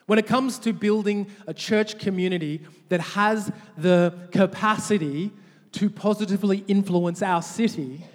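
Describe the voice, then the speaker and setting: A male pastor with a fairly high voice preaches to his church, animated and quick to restart his sentences. His words ring out with a long reverb tail in a large church hall. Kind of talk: sermon with call-and-response.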